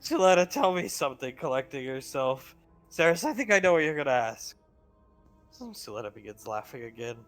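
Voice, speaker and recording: A man narrating as game master of a tabletop role-play on a live stream, animated and laughing easily. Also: medium pitch, a little fast, soft background music.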